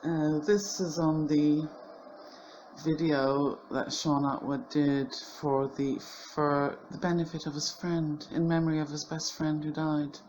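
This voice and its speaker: A woman's voice: sits low, level tone, a little slow, a little mellow, a little hiss or hum. A middle-aged woman giving critical commentary on a video clip, in an indignant and dismissive way.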